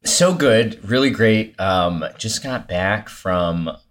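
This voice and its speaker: A man with a Midwestern American accent, a guest improviser chatting in a relaxed, wry way with many fillers. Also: fairly low pitch, takes it slowly. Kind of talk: casual chat.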